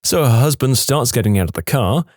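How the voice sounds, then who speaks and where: A man reading stories aloud with a dry, deadpan delivery. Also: mid-range voice, a little fast, no echo. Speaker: story narrator.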